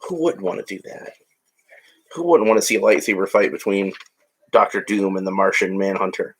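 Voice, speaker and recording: Low-voiced chatty man. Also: animated, a little fast, husky. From United States. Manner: chatty, rambling, joking asides. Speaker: hobby vlogger. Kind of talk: casual narration while building a toy set.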